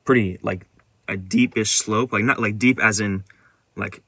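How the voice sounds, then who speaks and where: A man with a lowish, bright, forceful voice tells a dream in a loose, rambling monologue. He keeps restarting his sentences and leans on filler words. The sound is close and dry. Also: fairly even intonation, unhurried, no echo. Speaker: vlogger. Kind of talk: casual dream retelling monologue.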